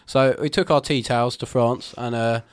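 A man's voice: mid-range voice, steady tone. A man from a band telling a rambling anecdote in casual chat. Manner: quick, rambling storyteller. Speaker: band member.

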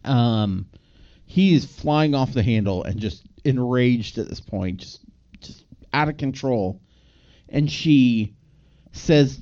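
A man chatting casually on a podcast, his pitch swinging widely as he rambles through a movie recap. The audio is a bit dull and lo-fi. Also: slow, far from the mic. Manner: rambling, animated recap with laughs. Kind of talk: casual chat.

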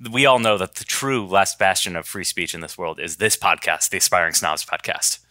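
A man co-hosting a podcast in casual chat, with dry, deadpan sarcasm. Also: low voice, fairly quick, no echo. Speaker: podcast co-host.

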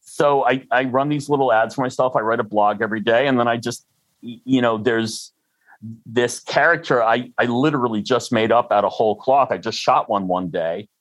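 An older freelancer as an interview guest, rambling and self-deprecating with frequent restarts. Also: male voice, mid-range voice, moderate pace, a bit bright, no echo, rough recording. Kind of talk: conversational interview.

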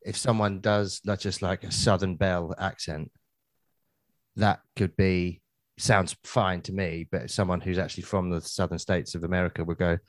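A man chatting casually on a podcast, joking and swearing, often pausing with ums. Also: low voice, level tone, no room sound. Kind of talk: casual chat.

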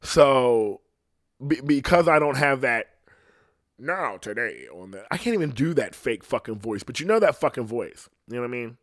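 A man's voice: mid-range voice, big pitch swings, normal speed, no room sound, studio quality. A man with a slight lisp, hosting his own podcast in a casual, rambling solo monologue full of swearing. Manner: profane, rambling rant. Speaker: podcast host.

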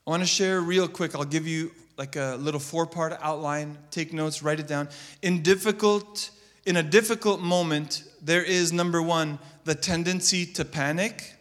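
High-voiced male pastor preaching in a hall. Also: fairly even intonation, normal speed. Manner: reads scripture aloud and applies it, shifting between loud emphasis and low quiet asides. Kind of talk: sermon.

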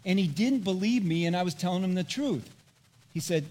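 A middle-aged man preaching a sermon, telling a personal story in an earnest, animated, self-deprecating way. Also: sits high, brisk. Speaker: pastor.

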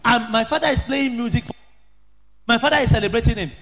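A man preaching an impassioned sermon, often rising to shouts and sing-song chanting. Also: extremely high pitch, fast, background noise.

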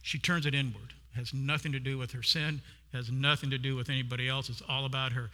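Bright-voiced preacher in a reverberant hall. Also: male voice, medium pitch, fairly even intonation, fairly quick. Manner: storytelling, acts out the woman's voice. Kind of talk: sermon.

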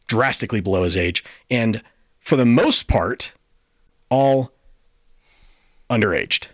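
A podcast host, male and medium-pitched, delivers a casual review rant that's exasperated and full of profanity. The recording is clean studio audio with no room sound.

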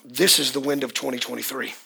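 A man preaching a fiery sermon as pastor at a church service, often shouting and repeating key words. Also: medium pitch, fairly even intonation, fast, creaky, husky.

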